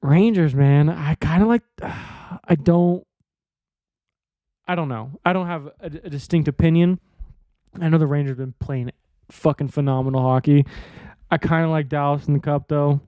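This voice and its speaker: A man's voice: on the high side, normal speed, no echo, lo-fi sound. A man hosting a sports podcast in a casual monologue, rambling and offhand, swearing freely. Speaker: podcast host.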